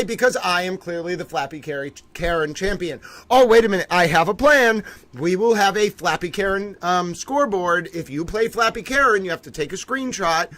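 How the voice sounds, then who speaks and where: A man co-hosting a livestream, chattering excitedly while playing a game and making mock-grand announcements. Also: high voice. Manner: theatrical, mock-grandiose, exclaiming. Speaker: livestream co-host.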